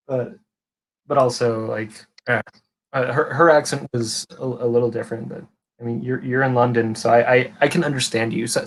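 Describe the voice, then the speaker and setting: A man's voice: mid-range voice, creaky. Californian man, stream host, rambly with many restarts, casual swearing, faint background noise. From California, USA. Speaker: livestream host. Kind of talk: casual chat.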